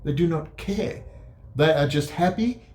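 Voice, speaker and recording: A man giving ranting commentary, sarcastic and profane, dropping to low mutters and jumping to high mocking outbursts. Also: measured pace, a little mellow, a little hiss or hum. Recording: echoey room.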